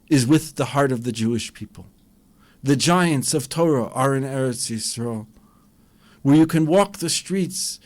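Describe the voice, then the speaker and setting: A man, a rabbi, giving an impassioned Torah lecture and acting out dialogues with a rising voice. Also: a little high.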